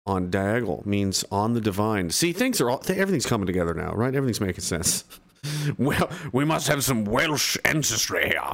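A man's voice: lowish voice, sing-song, fairly quick, vocal fry, a bit bright. A man hosting a livestream, reading out chat and rambling casually, swearing and full of fillers and restarts.

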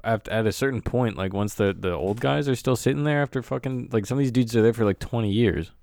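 A man's voice: mid-range voice, fast, creaky, darkish tone, no echo. A man co-hosting a podcast, adding film facts and dry jokes in casual chat. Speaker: podcast co-host.

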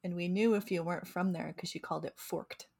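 Giggly woman from New Jersey, low voice. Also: steady tone, fast talker, vocal fry, darkish tone. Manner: giggly, laughs often. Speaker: podcast co-host. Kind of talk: casual chat.

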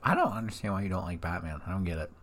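A man chatting loosely with friends on a casual show. His pitch swings widely, and he swears freely and bursts into loud laughs. A faint ambient noise sits behind him. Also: expressive, very fast. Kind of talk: casual podcast chat.

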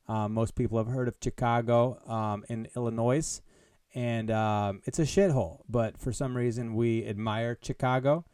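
Guy from the midwest rambling on his solo comedy podcast, jokey and mock-grand, clean clear voice. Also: medium pitch, warm tone, no echo, studio quality. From American Midwest. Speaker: podcast host. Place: Des Moines. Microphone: headphones on, home podcast mic.

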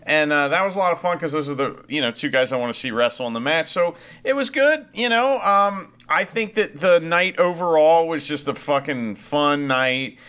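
A man's voice: a little high, normal speed, few pauses, a bit bright, clean tone. A man co-hosting a podcast, rambling through casual wrestling chat and swearing freely. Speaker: podcast co-host.

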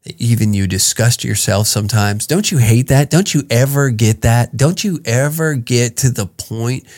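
A man's voice: mid-range voice, moderate pace, darkish tone. A male podcast host ranting comedically in a crude, profane, self-mocking way. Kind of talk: comedic rant.

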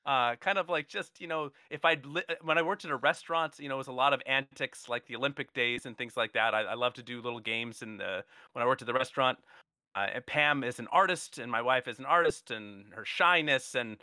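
This is a man reminiscing in casual podcast chat, rambling with frequent fillers. His tone is bright. The sound is dry, with no room echo. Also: mid-range voice, a little fast, clean tone. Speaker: podcast co-host.

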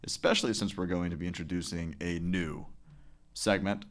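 A man with a very low, deep voice chats casually as a podcast co-host. He rambles, swears freely and breaks into laughter often. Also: steady tone, moderate pace. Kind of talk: casual chat.

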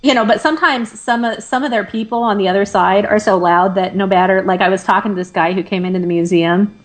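A woman's voice: mid-range voice, fast. A woman who works as a medium, chatting casually and candidly about her readings. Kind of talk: casual chat.

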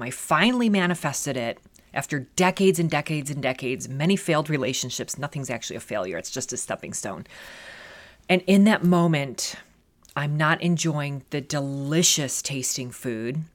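Middle-aged woman, low voice, motivational storytelling; earnest, reflective, chatty with fillers. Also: lively intonation, normal speed. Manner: earnest and reflective, many "you know" fillers. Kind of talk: personal storytelling talk.

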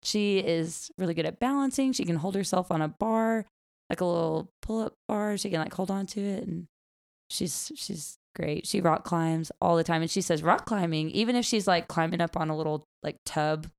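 Gravelly-voiced young mother, chatty. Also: normal speed. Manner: animated, many "like" fillers, acts out quotes in a high voice. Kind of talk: casual chat.

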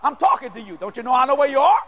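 Preacher putting on the Lord: a stern, insistent male voice, pitched high. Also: sing-song, rapid-fire, bright, forceful tone, full character voice. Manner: insistent, questioning.

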